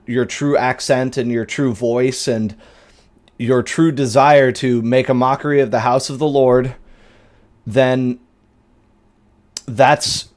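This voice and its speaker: A man's voice: mid-range voice, darkish tone, natural voice. A man voicing a stern, offended priest who scolds in formal, indignant speech. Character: stern middle-aged male priest, offended.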